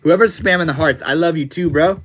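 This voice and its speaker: A man's voice: on the high side, a little fast, fairly bright tone. A man hosting a casual livestream, reading viewer comments aloud and answering them in a laid-back, slangy way. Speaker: livestream host.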